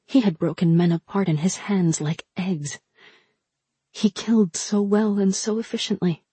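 A woman narrating a novel in a steady, measured reading. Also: on the low side, breathy edge, no echo. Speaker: audiobook narrator. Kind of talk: scripted narration.

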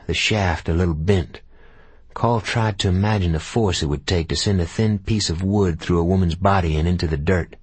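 A man narrating an audiobook in a measured, unhurried storytelling manner. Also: deep voice, breathy edge, dry recording.

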